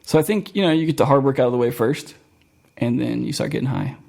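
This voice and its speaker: A man's voice: mid-range voice, quick pace, creaky, darkish tone. A young man from Florida hosting a podcast in casual chat, rambling and laughing often. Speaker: podcast host.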